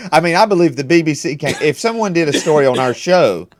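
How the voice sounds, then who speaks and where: A man co-hosts a casual podcast, cracking jokes in a voice that sits a bit high and swings up and down a lot. His sentences often stall and start over as he talks. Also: lively intonation. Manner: jokey, halting, restarts sentences. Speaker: podcast co-host. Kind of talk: casual chat.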